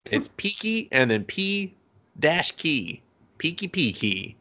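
A man's voice: on the high side, big pitch swings, slow, pushed and bright. A young man co-hosting a podcast, casually recapping an anime episode in a rambling, profane way, laughing often. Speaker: podcast co-host.

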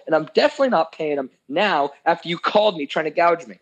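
A man's voice: fairly high pitch, expressive, quick pace, hardly any pauses, rough recording. A young man telling a story in casual chat, ranting heatedly and swearing a lot.

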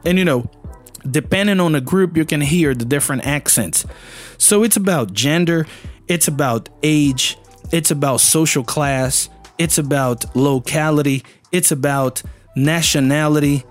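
Man teaching, slightly high voice. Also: measured pace, soft background music. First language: Portuguese. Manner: conversational and emphatic, many "you know"s. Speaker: language teacher. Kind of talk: casual video lesson.

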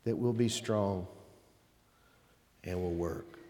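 Speaking slowly in a low-pitched, dark-toned voice, a pastor gives a sermon in a reverberant sanctuary. The style is conversational, sprinkled with folksy asides and quotes delivered emphatically.

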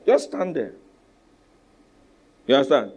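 At a measured pace and with a slightly rough voice, a male pastor with a Nigerian accent preaches. He commands the room with animation, alternating booming exhortations, low asides and call-and-response exchanges with his flock.

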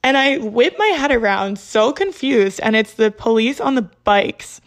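Animated young woman. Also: on the high side, unhurried. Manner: animated, exasperated retelling with quoted voices. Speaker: vlogger telling a story. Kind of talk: casual storytelling to camera.

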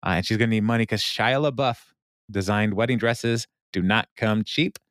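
A man co-hosting a podcast, recapping a TV episode in an animated, casual way with many filler sounds. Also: fairly low pitch, normal speed, no room sound, studio quality. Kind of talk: casual chat.

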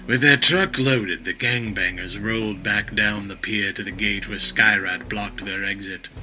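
A man narrating an action story in a vivid, expressive storytelling manner. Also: lowish voice, measured pace, faint music behind, rough recording.

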